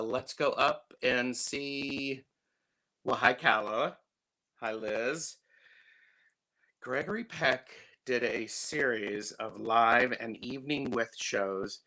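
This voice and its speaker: A man's voice: lowish voice, sharp tone. A man in his fifties hosting a casual livestream, chatting and greeting viewers by name. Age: 50s. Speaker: livestream host.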